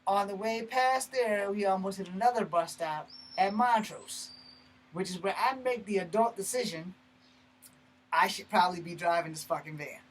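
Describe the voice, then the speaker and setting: A man telling a personal story in a blunt, profane, animated way, breaking off and restarting mid-sentence. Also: high voice, normal speed, slight background noise, rough recording. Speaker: martial arts channel host. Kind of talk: personal story told to camera.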